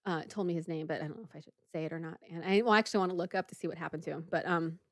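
A woman's voice: deep voice, rapid-fire, dry recording, clean studio sound. A woman co-hosting a podcast, telling a story in casual chat, full of "like" and acting out the people in it. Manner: lively storyteller, many "like" fillers, acts out the people in the story. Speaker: podcast co-host.

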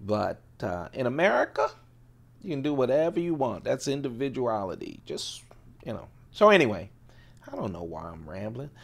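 A man's voice: medium pitch, huge pitch swings, normal speed, creaky. A man in his late fifties, casually showing his pocket items on a vlog, rambling and laughing as he goes. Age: 50s. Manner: chatty, laughs often, digresses. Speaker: EDC video host. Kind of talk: casual rambling show-and-tell.

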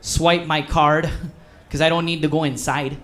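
A man's voice: a little high, little pitch movement, measured pace, fairly bright tone, slight background noise. A middle-aged small-town uncle with a thick Wisconsin accent, folksy and sure of himself, as a man puts him on. He rambles on and keeps calling out names in a raised, eager voice. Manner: folksy, repeats name, long-winded.

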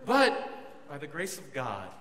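A man's voice: sits high, normal speed. A young man, a pastor, telling a self-mocking comic story during a sermon in a large church hall. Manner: animated, self-mocking storytelling with quoted asides. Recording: echoey hall, audience noise.

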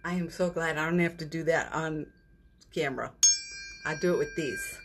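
A woman's voice: sits low, normal speed, slight background noise. A woman hosting a daily live stream from her phone at home, chatting casually about spiritual matters, laughing often and trailing off mid-sentence.

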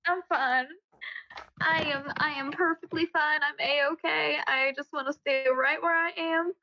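A woman's voice: high voice, steady tone, measured pace, muffled recording. A woman in game voice chat, shy and flustered, giggling through her replies.

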